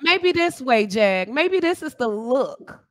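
Brief: woman host, higher voice, unhurried, casual slang-heavy livestream banter. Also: big pitch swings, a little hiss or hum. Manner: greets viewers by name, trash-talking. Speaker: podcast host.

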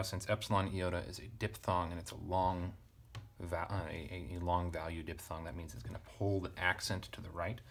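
A man teaching ancient Greek grammar at a relaxed pace, thinking aloud and correcting himself with casual asides. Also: low voice, slight background noise. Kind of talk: relaxed verse-by-verse parsing lesson.

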